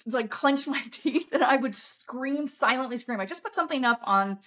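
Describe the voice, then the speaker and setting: A woman's voice: sits high, expressive, normal speed, fairly bright tone. A woman talking bluntly and emphatically as a podcast guest, swearing often in a coaching tone. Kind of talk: casual podcast conversation.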